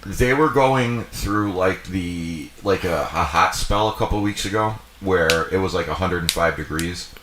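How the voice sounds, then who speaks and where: A man's voice: low-pitched, a little slow, crowd noise. A man from New England co-hosting a casual livestream chat, loose and rambling with lots of "like" and "um". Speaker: livestream co-host.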